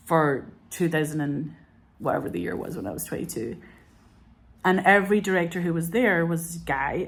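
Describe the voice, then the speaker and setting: A woman in her forties, a film director telling stories in an animated, profane way during an interview. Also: low voice. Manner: animated, profane, acts out quotes. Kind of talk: candid interview storytelling.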